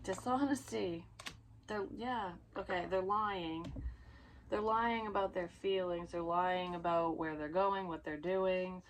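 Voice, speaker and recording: A woman's voice: on the low side, slight background noise. A woman giving a casual tarot reading, rambling and blunt, swearing freely as she goes. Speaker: psychic tarot reader.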